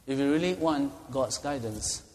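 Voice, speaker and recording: A middle-aged pastor leads a Bible study in a chatty teaching manner, pausing often to ask "okay?". His voice sits at an ordinary male pitch. The sound carries a long reverb from a church hall. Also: expressive, darkish tone. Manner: conversational, frequent "okay?" check-ins.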